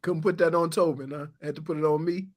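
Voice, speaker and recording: A man's voice: on the high side, fairly even intonation, quick pace, echoey room. A man co-hosting a sports radio show, rambling and thinking aloud in casual banter. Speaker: radio co-host.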